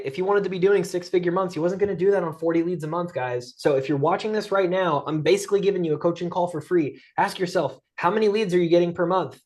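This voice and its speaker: A middle-aged man giving an energetic, conversational webinar talk as a sales coach, often checking in with "right?" and "guys". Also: a little high. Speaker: guest speaker and sales coach. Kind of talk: webinar presentation.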